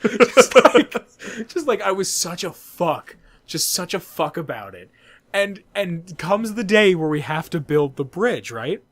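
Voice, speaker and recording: A man's voice: high voice, sing-song, a little slow, a bit bright, no room sound. A man in his twenties, a podcast host, telling a story in casual chat, swearing and laughing as he goes.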